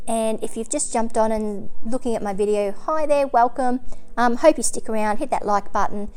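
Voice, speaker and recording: A woman's voice: a little high, moderate pace, darkish tone, clear, resonant tone. A woman hosting a crochet and knitting channel, chatting casually to camera in a rambling way, with frequent ums and self-corrections.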